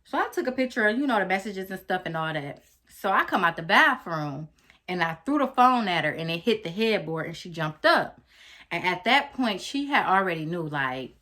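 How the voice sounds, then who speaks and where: A woman vlogger with a bright, forward voice tells a dramatic personal story straight to her viewers. She is chatty and animated and talks to them directly as she acts out the quotes. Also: fairly low pitch, moderate pace. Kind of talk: storytime vlog.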